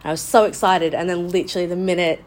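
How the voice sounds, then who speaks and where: A woman from Australia with an Australian accent, a guest telling her story in a casual podcast chat, animated and saying "literally" often. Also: on the low side, fast talker.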